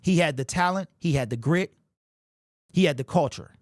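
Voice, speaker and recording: A man's voice: a little high, normal speed, no echo, studio quality. A man hosting a live sports talk stream, speaking emphatically and with emotion, reading comments from the chat. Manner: emphatic, emotional, talks straight to the player. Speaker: sports show host.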